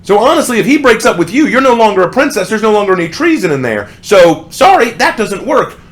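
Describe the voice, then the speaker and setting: A man's voice: high-pitched, sing-song, fast, a bit bright. A young adult man ranting sarcastically as a song reviewer, with exasperated commentary.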